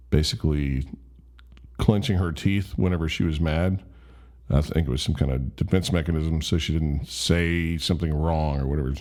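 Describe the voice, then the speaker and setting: A man's voice: rumbling low, darkish tone. A man casually telling a rambling, self-deprecating story. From Memphis, USA. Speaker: vlogger.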